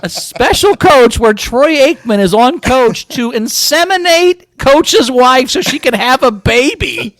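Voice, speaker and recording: A man co-hosting a comedy podcast, telling stories in an animated, profane, casual way. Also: very high-pitched, dry recording.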